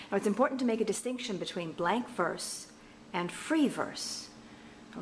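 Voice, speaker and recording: A woman's voice: medium pitch, slight background noise. A woman instructor giving a patient recorded lecture, chanting rhythm patterns aloud to explain them. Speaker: literature instructor.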